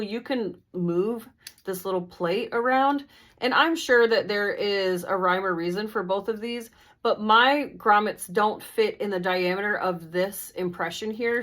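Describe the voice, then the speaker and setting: A woman's voice: medium pitch, fairly bright tone. A woman walking through a sewing tutorial step by step, in a friendly, methodical, casual way. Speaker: sewing instructor.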